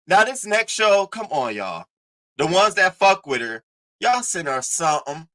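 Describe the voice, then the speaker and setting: A man riffs to his live-stream chat in a bright, forward voice. He talks loose and animated, swearing freely and mocking the people he talks about. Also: high voice, normal speed, rough recording. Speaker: commentary streamer. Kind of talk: casual commentary talking to a live chat.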